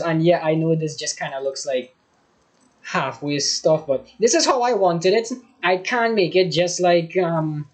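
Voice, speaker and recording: A reaction video host from Trinidad, talking in a relaxed, chatty, offhand way. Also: mid-range voice. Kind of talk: casual reaction commentary.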